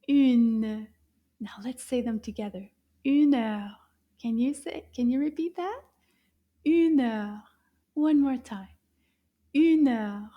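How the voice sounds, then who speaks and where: A woman's voice: high voice, takes it slowly, dark tone, lo-fi sound. A woman teaching a children's lesson in a cheerful, sing-song teacher voice.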